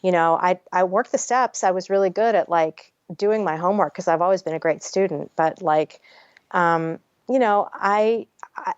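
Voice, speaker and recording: A woman's voice: fairly low pitch, normal speed, clear, resonant tone, no echo. A woman guest author telling her personal story frankly in a podcast interview, chatty and peppered with swearing. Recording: dry, slightly dull audio.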